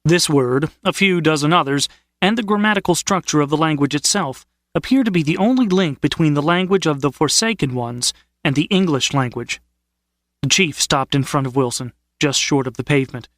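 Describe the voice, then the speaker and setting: A man narrating an audiobook in a measured, steady storytelling manner. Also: a little high, dry recording. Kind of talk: scripted narration.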